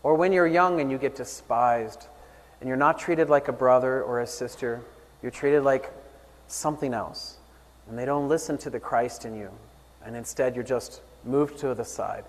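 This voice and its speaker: A man preaching a sermon, telling a story earnestly and rising and falling in pitch and volume. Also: moderate pace, big-room sound, poor audio. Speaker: pastor.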